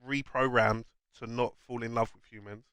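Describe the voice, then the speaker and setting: A man's voice: medium pitch, fairly even intonation, normal speed, fairly bright tone, smooth, dry recording. A young man co-hosting a casual film chat, enthusiastically explaining ideas in long chains. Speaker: co-host.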